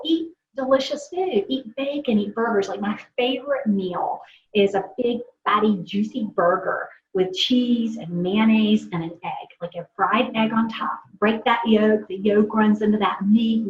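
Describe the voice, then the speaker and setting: A fairly high-voiced woman chats as a podcast guest, full of animated enthusiasm. Her audio is roomy and a little dull, like lo-fi remote audio. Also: unhurried. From American South. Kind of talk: casual podcast chat.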